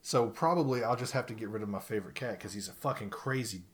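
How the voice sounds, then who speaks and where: A man casually telling a profane, animated story in a chat, laughing along as he goes. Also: lowish voice, fast.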